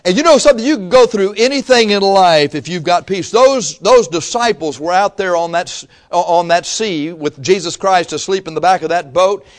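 A male pastor delivering a sermon in a loose, conversational way. His voice sits a little high for a man. He often restarts his sentences and slips into the voices of the people he quotes. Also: animated, moderate pace, hardly any pauses. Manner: conversational preaching with frequent restarts and acted-out quotes.

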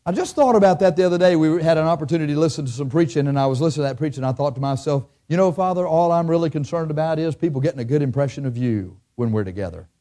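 A man's voice: on the high side, very fast, few pauses, warm tone. A man preaching a sermon in a church, speaking conversationally and asking his listeners frequent questions.

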